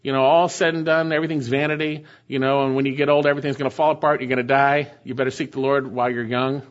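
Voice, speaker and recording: A man's voice: mid-range voice, little pitch movement, quick pace. A man preaching a sermon, reading scripture aloud and explaining it with emphatic, rhetorical questions to his congregation. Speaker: pastor. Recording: dull lo-fi recording.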